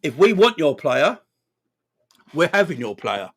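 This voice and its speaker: A young man from England hosting a fan live stream, animated and laughing, with lots of slang and repetition. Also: a little high, measured pace, husky. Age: young adult. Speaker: fan channel host. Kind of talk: casual live-stream chat.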